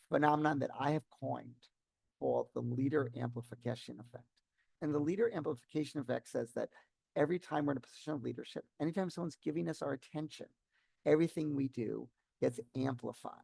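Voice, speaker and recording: Gravelly-voiced man lecturing on leadership. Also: medium pitch, darkish tone, no echo. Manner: storytelling, repeats key points, acts out quotes. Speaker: author giving a talk on leadership. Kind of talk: public lecture with stories.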